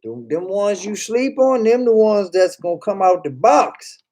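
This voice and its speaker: A man's voice: sits high, big pitch swings, unhurried, darkish tone. A man chatting casually as a streamer, joking and swearing as he reads viewers' comments aloud. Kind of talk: casual chat.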